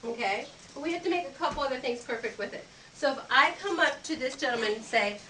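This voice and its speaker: A woman's voice: high-pitched, fairly quick, a bit bright. A woman etiquette instructor teaching a group of children, upbeat and teacherly, acting out greetings and handshakes. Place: library program room. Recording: echoey room, distant mic, background noise.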